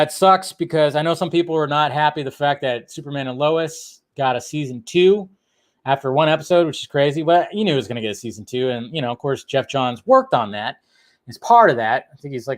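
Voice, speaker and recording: A man's voice: mid-range voice, fast talker. A man hosting a casual movie news commentary, blunt, swearing freely and laughing often.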